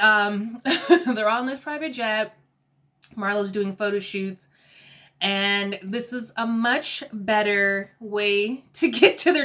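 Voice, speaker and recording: A woman's voice: mid-range voice, sharp tone. A young woman giving a casual, gossipy and opinionated recap of a reality TV episode.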